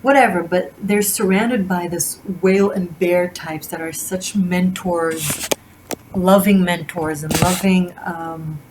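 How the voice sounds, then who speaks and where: Gushing, rambling woman with a lowish voice. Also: steady tone, slow pace, noisy background. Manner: gushing, rambling with many restarts and fillers. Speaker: tarot reader. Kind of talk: casual spiritual reading to camera.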